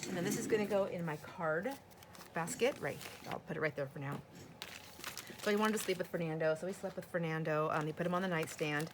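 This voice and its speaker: An older woman talks casually and rambles as she sorts through craft scraps at home, laughing now and then. Her voice sits on the lower side, and a faint hiss of noise runs underneath. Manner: chatty and rambling, often laughing. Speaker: craft vlogger. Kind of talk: casual chat while sorting craft supplies.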